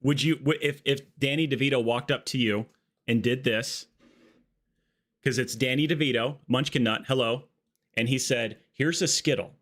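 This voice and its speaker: A man's voice: medium pitch, moderate pace. A man streaming a game live, chatting casually and riffing jokes with his chat. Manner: jokey, riffing excitedly with chat.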